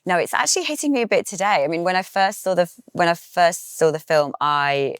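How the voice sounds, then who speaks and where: Very low-voiced reflective woman. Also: lively intonation, brisk, clean tone, dry recording, clean studio sound. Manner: reflective, emotional. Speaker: actress guest. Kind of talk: interview answers.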